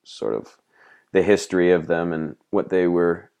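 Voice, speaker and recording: Low-voiced laid-back Canadian man. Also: steady tone, moderate pace, vocal fry, darkish tone, clean tone. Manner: laid-back, laughs often, swears casually. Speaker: band member, guest. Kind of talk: casual interview chat.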